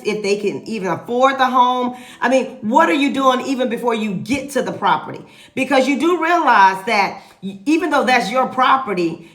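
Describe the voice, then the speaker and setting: Woman realtor, pitched a bit high, animated storyteller, roomy echo. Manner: animated, lively retelling with emphatic repeats. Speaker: real estate agent. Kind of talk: casual storytelling to camera. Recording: echoey room.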